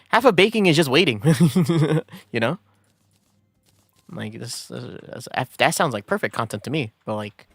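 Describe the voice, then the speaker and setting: A man's voice: medium pitch, fairly bright tone, dry recording. A man chatting casually while streaming a game, laid-back and rambling, laughing often between thoughts. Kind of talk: casual gaming stream chat.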